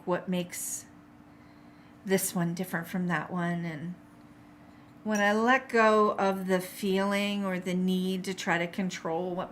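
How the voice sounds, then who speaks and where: Middle-aged woman, chatty art teacher on a live stream, mid-pitched, faint room hum behind. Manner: chatty, encouraging, reads out viewer comments. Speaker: art instructor. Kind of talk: live paint-along tutorial.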